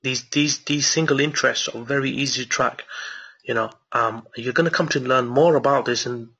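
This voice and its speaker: A man teaching a screen-share marketing tutorial and answering viewer questions, excited and repetitive, with lots of restarts, late at night. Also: mid-range voice, normal speed, slightly rough, muffled recording. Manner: enthusiastic, repeats himself, many restarts.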